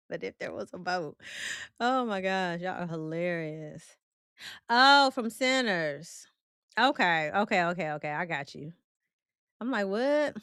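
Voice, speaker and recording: A woman's voice: on the low side, expressive, takes it slowly, pauses often, a bit bright, clean tone, dry recording, clean studio sound. A woman with a Midwestern country accent hosting a casual livestream, chatty and playful as she reacts to viewer comments. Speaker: livestream host.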